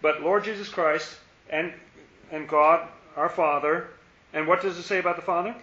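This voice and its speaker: A man's voice: a little high, fairly even intonation, normal speed, sharp tone. A man leading an informal Bible study, thinking aloud and asking rhetorical questions. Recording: roomy, dull lo-fi recording.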